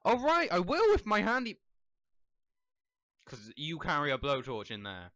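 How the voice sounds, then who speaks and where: A man's voice: on the high side, wildly swooping pitch, measured pace, bright, forceful tone, no room sound. A young man giving casual gameplay commentary, rambling and talking to the characters on screen. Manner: rambling, talks to the game characters. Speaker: let's play gamer.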